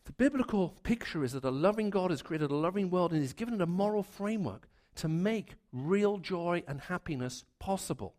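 Earnest male preacher, slightly high voice. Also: expressive, fairly quick, few pauses, a little mellow. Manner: earnest, builds lists of repeated phrases. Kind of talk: sermon.

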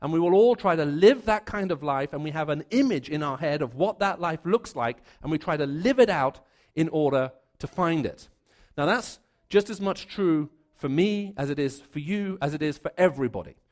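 A man's voice: a little high, lively intonation, moderate pace, a little mellow. A man preaching a sermon to a live congregation, conversational and storytelling, with frequent restarts and fillers. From raised in the Middle East.

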